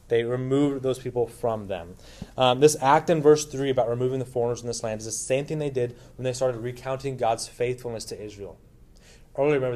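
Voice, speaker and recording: A man's voice: medium pitch, darkish tone. A man teaching a Bible lesson in a casual, informal way, retelling a story with lots of asides and questions to his listeners.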